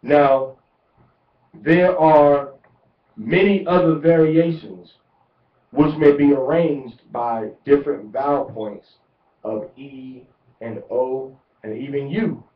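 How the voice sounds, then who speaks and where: A man giving a deliberate religious lecture, repeating words to drive each point home. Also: medium pitch. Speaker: religious teacher. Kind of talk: instructional lecture. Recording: echoey, distant, muffled lo-fi.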